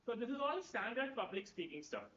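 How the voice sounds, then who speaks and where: A man's voice: extremely high pitch, sing-song, brisk, bright, forceful tone, slight background noise. A professor giving a conversational lecture to students, who keeps checking in with "right?" after his points. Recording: dull, roomy lecture hall sound.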